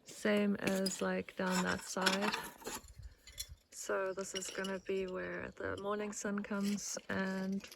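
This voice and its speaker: A woman vlogs outdoors at an easy, unhurried pace, her voice edged with gravelly fry. She chats casually, cooing at animals now and then. A faint hiss of outdoor noise sits behind her. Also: medium pitch, completely flat delivery. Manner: chatty, baby-talks to pets. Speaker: vlogger. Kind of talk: casual vlog narration. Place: outdoors at a rural house and garden.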